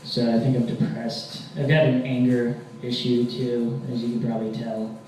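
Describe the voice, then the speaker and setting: A young man doing a stand-up comedy set, telling rambling deadpan stories with mock-angry rants. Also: mid-range voice, normal speed. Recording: very echoey room, distant mic, faint hiss.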